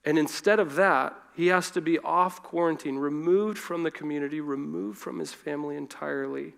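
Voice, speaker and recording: Preacher, man, high-pitched, informal, loose sermon delivery that swings between forceful stresses and quiet asides. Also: normal speed, gravelly. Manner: informal, self-correcting, shifts between loud emphasis and hushed asides. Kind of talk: conversational sermon. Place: church.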